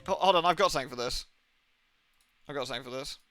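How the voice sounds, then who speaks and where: A man's voice: mid-range voice, fast talker, a bit bright, faint music behind. A man from the southwest of England with a mixed Somerset and Birmingham accent, rambling casually and swearing freely while he streams a game from home. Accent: Somerset and Birmingham mix. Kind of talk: casual live-stream chat.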